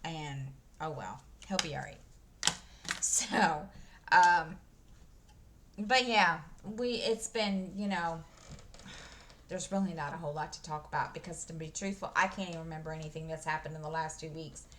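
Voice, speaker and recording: A woman's voice: low-pitched, normal speed, fairly bright tone, slight background noise. A woman, chatting casually to viewers while she works on a craft, rambling with lots of fillers and restarts. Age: 50s. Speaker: crafting channel host. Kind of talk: casual chat while stitching. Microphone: desk microphone.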